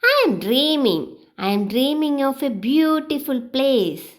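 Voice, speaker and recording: A woman teaching beginners, reading short example sentences one by one in a slow, clear, sing-song way. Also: high voice, big pitch swings. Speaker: English teacher.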